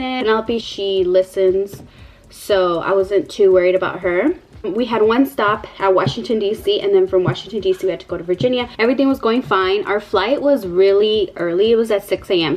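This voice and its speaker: A woman's voice: mid-range voice, moderate pace, a little mellow, rough recording. A young mother telling a casual, profanity-laced vlog story, full of fillers like "like" and "you know.". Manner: chatty, profane, many fillers. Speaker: vlogger, mother.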